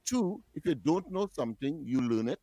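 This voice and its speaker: A man's voice: on the high side, expressive, normal speed, warm tone, no echo. A man with a Trinidadian accent co-hosting a casual radio talk show, playful and laughing often, repeating himself as he talks.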